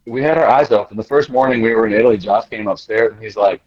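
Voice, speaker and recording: A man's voice: fairly low pitch, quick pace, dull audio. A man telling travel stories in casual chat, acting out quotes and laughing as he goes. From United States. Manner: animated, acts out quotes with laughter. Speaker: podcast guest. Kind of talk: casual storytelling.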